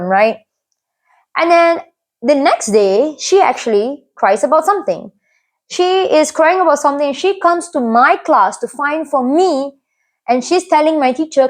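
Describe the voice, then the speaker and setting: A young woman with a high voice recounts a personal story straight to camera. She sounds earnest and confiding, and keeps checking in with the listener by asking "right?". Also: expressive, normal speed. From Malaysia. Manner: earnest and confiding, often tags lines with "right?". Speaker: vlogger.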